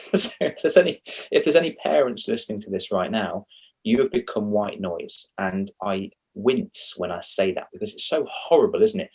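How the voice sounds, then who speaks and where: Husky low-voiced man chatting animatedly. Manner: animated and rambling, with self-mocking asides. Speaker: guest, children's confidence coach. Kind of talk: casual interview chat.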